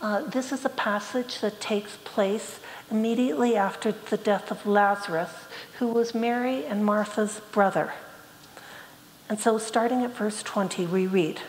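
Slow, earnest woman preaching in a hall. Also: medium pitch, a little hiss or hum. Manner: slow, earnest, quotes scripture with rising emphasis. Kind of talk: sermon. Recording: echoey hall, faint ambience.

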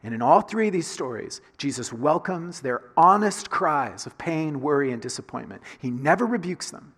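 A man's voice: fairly high pitch, lively intonation, normal speed, a bit bright, in a large hall. A man from the Southern United States with a Southern accent, preaching a sermon in a conversational way full of rhetorical questions. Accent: Southern American. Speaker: pastor.

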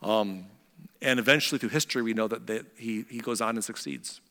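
A man delivering a sermon with a bright, forceful tone, telling the story with dramatic shifts from raised intensity to near-whispered hush. His voice carries a long reverb, as if spoken in a large hall. He lingers on the emotional beats. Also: on the low side, a little fast. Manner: storytelling with dramatic swings between loud and hushed. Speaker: preacher.

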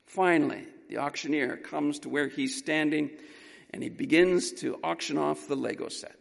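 A man preaching a sermon through an animated, emphatic story. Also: on the high side, normal speed, gravelly. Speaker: pastor. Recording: long reverb in a large hall.

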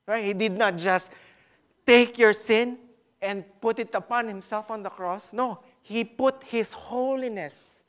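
A man preaching a sermon, animated, and often putting direct questions to the congregation. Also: high-pitched, a little slow, few pauses.

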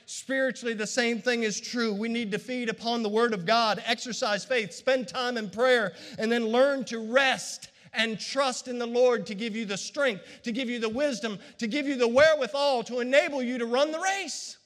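A man's voice: very high-pitched, a bit bright. A middle-aged man preaching a sermon as pastor, fervent and playful by turns. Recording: long hall reverb.

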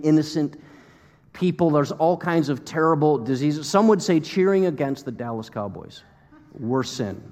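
A man's voice: on the high side, long reverb tail. An American man preaching a sermon to a congregation, talking conversationally with fillers and acting out quotes. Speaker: pastor.

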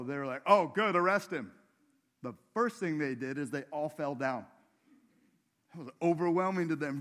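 A man preaching a sermon in a church, in a conversational way, putting questions to the congregation. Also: on the high side. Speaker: pastor.

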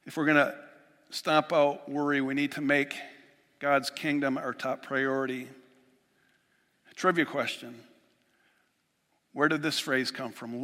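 A male pastor delivers an animated sermon, slipping into little voices for worried people in his stories. His voice sits a touch high and rings bright and forceful. It is recorded in a church hall with a long, lingering reverb. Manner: animated storytelling, acting out quoted worries. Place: church sanctuary.

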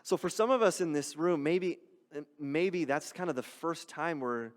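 A man preaching a sermon in a church hall, talking conversationally with rhetorical questions and swinging between loud and hushed delivery. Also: fairly high pitch, a little slow. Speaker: pastor.

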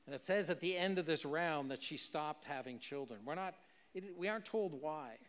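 A man's voice: on the high side, moderate pace, a bit bright, big-room sound. A man preaching a sermon in a conversational way, with rhetorical questions and occasional chuckles. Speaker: pastor.

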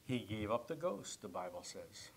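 A man pastor preaching a sermon slowly, rising to loud emphatic passages and dropping to hushed, near-whispered phrases. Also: on the low side, big pitch swings, gravelly, slightly rough. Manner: preaching with swells of loudness and drops to near-whispers; slow, deliberate delivery.

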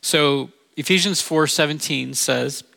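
Midwestern male pastor, middle-aged, bright tense tone, slightly high voice, dry close sound. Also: a little slow, vocal fry, no echo. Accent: Midwestern American. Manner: earnest, conversational preaching with rhetorical questions. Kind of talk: sermon.

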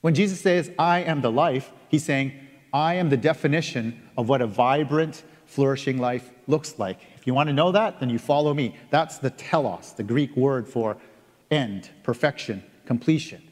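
A man preaching a sermon in an earnest way, reading scripture aloud and stressing key words with pauses. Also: medium pitch. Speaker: pastor. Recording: long reverb of a large hall.

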